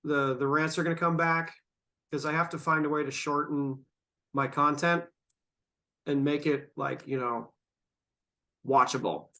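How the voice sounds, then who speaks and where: Man podcast host, stoned, rambling, slow drawn-out delivery with frequent laughs. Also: fairly high pitch, steady tone, bright, forceful tone. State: stoned and yawning. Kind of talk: casual podcast chat.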